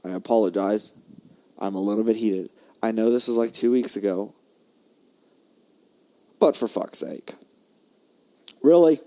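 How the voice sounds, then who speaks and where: A young man hosting a podcast, ranting in a heated, profane monologue that swings between loud outbursts and low muttering. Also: unhurried, pauses often. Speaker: podcast host.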